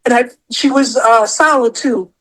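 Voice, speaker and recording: A woman's voice: fairly high pitch, moderate pace, poor audio. A woman guest telling a personal story in a casual chat, emotional and rambling, often repeating herself. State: tearful at times. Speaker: podcast guest.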